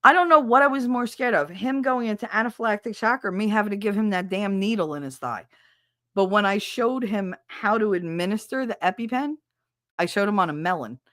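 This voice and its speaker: A woman podcast host telling stories in a casual, animated way, laughing and acting out voices. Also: mid-range voice, dry recording, clean studio sound. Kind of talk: casual storytelling.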